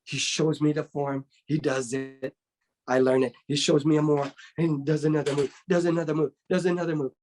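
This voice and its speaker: A man, a martial arts instructor, telling stories casually in an interview and acting out remembered dialogue with lively energy. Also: on the high side, moderate pace, slight background noise. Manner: lively storyteller who acts out remembered dialogue.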